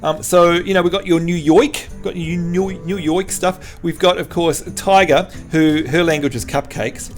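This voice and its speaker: Faint music plays behind this streamer, a New Zealander whose Kiwi accent has an Australian tinge. Fairly high in pitch and at a moderate pace with hardly any pauses, he chats with his audience and commentates a card game, sounding animated and rising in pitch when thrilled.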